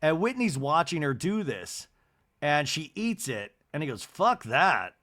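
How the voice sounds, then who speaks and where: A man recapping a reality TV episode on his podcast, telling it like a story and slipping into cast members' voices. His pitch sits a little above the usual and rises and falls a lot as he talks. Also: unhurried. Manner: animated retelling, acting out cast members' lines in put-on voices. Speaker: podcast host.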